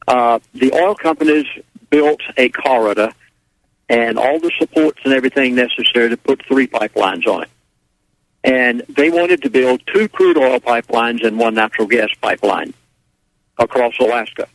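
A man's voice: mid-range voice, normal speed, dry recording, low-quality recording. Folksy man telling a long story. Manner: folksy, rambling, acts out quoted voices. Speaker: radio talk show guest. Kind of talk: casual radio interview storytelling.

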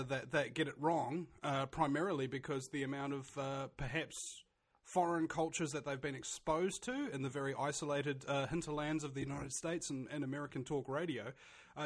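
A man with a New Zealand accent in a casual chat, blunt and opinionated, often restarting his sentences. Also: medium pitch.

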